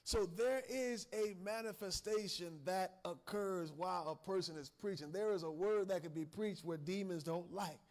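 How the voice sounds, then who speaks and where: A man's voice: high voice, normal speed, hardly any pauses, a little mellow. A man preaching a sermon in a folksy way, laughing and calling out to his congregation. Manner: folksy, laughing asides, calls and responses to the congregation.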